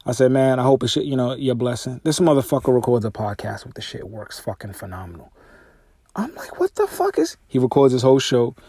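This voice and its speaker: A man hosting his own podcast, telling a long story casually, swearing often, his voice jumping high when he gets exasperated. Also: fairly even intonation, quick pace, few pauses, mellow, breathy edge, no echo, studio quality. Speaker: podcast host and music artist. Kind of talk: casual solo podcast monologue. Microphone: podcast microphone through a mixer.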